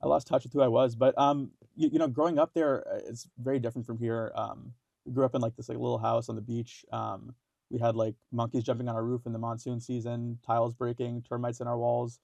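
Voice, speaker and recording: Halting, gravelly young man. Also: medium pitch, flat delivery, a little mellow, dry recording, lo-fi sound. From India. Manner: halting, many fillers and restarts, swears freely. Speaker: podcast guest. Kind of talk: casual interview talk.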